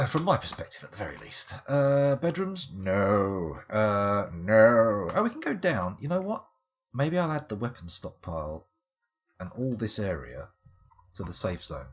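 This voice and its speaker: A man streaming live game commentary, with wry, rambling, self-mocking asides. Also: mid-range voice.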